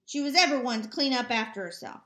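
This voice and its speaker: Woman doing old farmer dad, slow plaintive self-pity, high voice, roomy room. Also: fairly bright tone, close to an everyday voice. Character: weary, stubborn old farmer father. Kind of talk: amateur audiobook reading.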